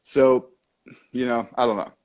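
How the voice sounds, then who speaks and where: A man's voice: medium pitch, steady tone, a little slow, over a noisy crowd. A man chatting casually at a round table, laid-back and agreeable, swearing easily. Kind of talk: casual chat.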